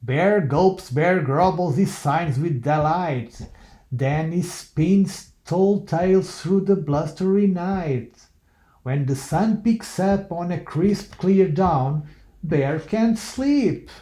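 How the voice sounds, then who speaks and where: Reading a rhyming picture book, a man moves at a very slow, lilting pace, every line finding a gentle rhythm. His pitch is a little high, but the sound is soft and mellow.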